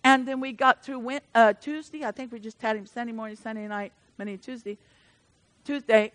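A middle-aged woman pastor preaches an emotional, story-driven sermon in a high, bright voice with a steady tone and brisk pace. She swings from near-hushed confidences up to fervent proclamations, and the close, dry recording has almost no room around it.

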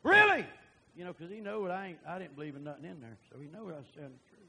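A man preaching a sermon and telling a testimony, animated and bursting into loud emphasis. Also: on the high side, very fast, vocal fry, a little hiss or hum, poor audio.

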